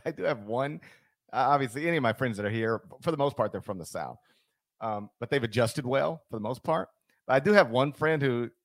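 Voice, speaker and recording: A man's voice: medium pitch, no echo, studio quality. A man hosting a sports radio show in casual, joking banter with his co-host.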